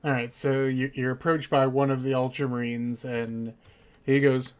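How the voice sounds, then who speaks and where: A man's voice: medium pitch, level tone, moderate pace, clear, resonant tone. A man running a tabletop role-playing game as game master, thinking aloud with fillers as he moves the session along.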